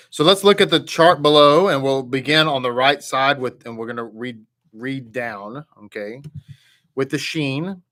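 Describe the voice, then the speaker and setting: A man's voice: mid-range voice, a bit bright. A man teaching a Hebrew reading class, patiently reading each word and repeating it. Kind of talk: slow word-by-word reading lesson.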